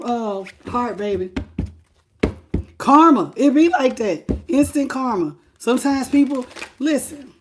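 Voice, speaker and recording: Woman tarot reader on a livestream, a bit high-pitched, animated and direct with her viewers. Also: background noise. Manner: animated, talks straight to the viewer and greets chat by name; repeats phrases for emphasis. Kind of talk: live tarot reading.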